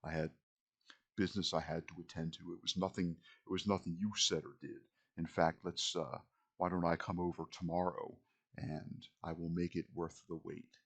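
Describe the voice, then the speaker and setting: A man voicing a laid-back male character who casually explains himself and smooths things over. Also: flat delivery, moderate pace. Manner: casual, apologetic, low-key.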